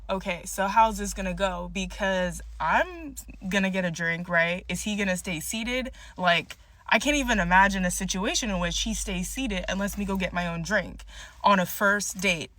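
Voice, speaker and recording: A woman's voice: mid-range voice, a bit bright. Sassy woman telling a date story to her viewers, dramatic. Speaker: vlogger. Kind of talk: casual storytime to camera.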